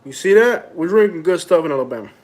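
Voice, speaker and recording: High-voiced man ranting playfully on a live stream. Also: lively intonation, fast talker, a little mellow. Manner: joking, mock-aggrieved complaining. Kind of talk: casual rambling live-stream chat. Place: at home indoors.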